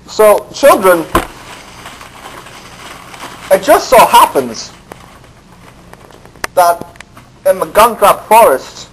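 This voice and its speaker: Male storyteller, deadpan and rambling, high voice with wide swings. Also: slow, long pauses, slight background noise, rough recording. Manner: deadpan, rambling, addresses children. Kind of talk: bedtime-story narration for kids.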